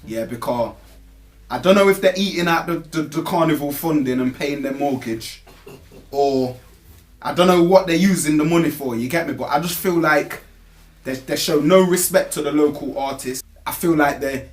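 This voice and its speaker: A man's voice: fairly high pitch, moderate pace. A young man, answering interview questions in a casual, slang-heavy way. He keeps tagging on "you get me" and stumbles over repeated words as he gets going. He talks as a grime MC and stresses his points. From England. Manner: emphatic, repeats words when starting.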